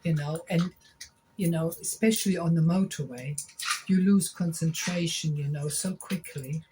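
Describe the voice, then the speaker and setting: A woman barber chatting casually with a client, a slow and sympathetic listener. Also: sits low, noisy background. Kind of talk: casual chat.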